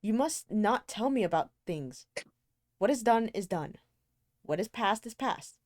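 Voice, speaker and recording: A callous young man, aloof and bored, read by a woman, with a mid-range voice and slow, languid lines. The sound is dry and close-miked. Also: medium pitch, expressive, darkish tone, no room sound, close to an everyday voice. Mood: cold. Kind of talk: amateur read-aloud of a novel.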